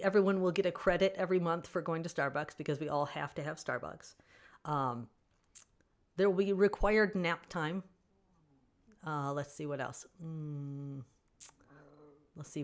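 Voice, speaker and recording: A woman hosting a casual livestream Q&A for fans, answering viewer comments in an animated, opinionated way and laughing often. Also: sits low. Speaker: author hosting a fan Q&A stream.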